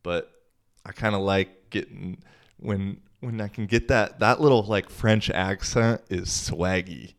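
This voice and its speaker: A man's voice: lowish voice, unhurried, gravelly. A young man hosting his own podcast, talking in a laid-back, slangy, profane way. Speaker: podcast host. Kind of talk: casual solo podcast monologue.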